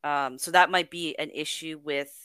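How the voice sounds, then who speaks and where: Bright-voiced woman in casual podcast chat. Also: sits low, moderate pace, clean tone, no room sound. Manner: relaxed, conversational, with filler words. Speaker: podcast co-host.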